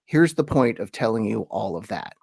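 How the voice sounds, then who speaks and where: A man hosting a conversational lesson, explaining in a relaxed, chatty way and reading quoted verses slowly with emphasis. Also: fairly low pitch, creaky, breathy edge, dry recording, studio quality. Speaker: host and teacher.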